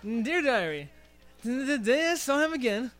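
A high-pitched, giggly young woman gushes over her crush as she reads from her diary, as a man puts her on. The voice is bright and girlish, laughing through the words. Loud music plays behind her in a radio studio. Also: sing-song, a little slow, heavily acted. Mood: giggly, lovestruck. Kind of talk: comic reading of a fill-in-the-blanks story.

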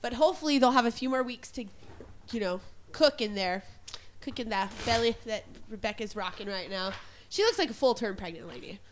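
A woman co-hosting a radio show, chatting casually in a giggly, gushing, animated way. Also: on the high side, fairly quick, a little hiss or hum.

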